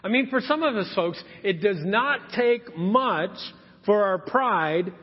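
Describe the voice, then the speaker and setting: A man's voice: high-pitched, slow pace, breathy edge. A man in his fifties preaching a sermon in a church, telling stories and acting out what people said. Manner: animated storytelling, acting out quotes. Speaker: pastor. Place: church sanctuary. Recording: muffled sound in a reverberant church hall.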